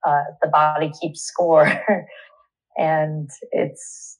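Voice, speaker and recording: A young woman giving a candid, indignant personal account in an interview, halting and restarting as she speaks. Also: sits low, level tone, rough recording.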